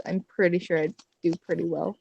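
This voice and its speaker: A woman's voice: on the low side, flat delivery, brisk, creaky, highs cut off, noisy background. A woman playing a tabletop game, playful and cheeky in casual chat. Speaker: player.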